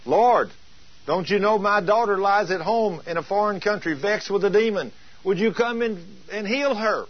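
A male preacher acting out a desperate mother who begs for help for her sick daughter, in a high wailing plea. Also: moderate pace, muffled recording, close to an everyday voice. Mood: pleading.

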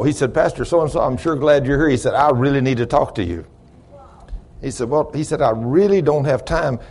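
A middle-aged man, preaching and telling a long story in a sermon. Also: medium pitch. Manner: shouts praise, then drops to quiet storytelling. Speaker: pastor.

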